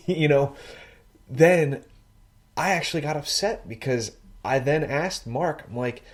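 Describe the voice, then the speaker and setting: A man co-hosting a casual sports podcast, telling stories in an animated, teasing way. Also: on the high side, slow. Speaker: podcast co-host.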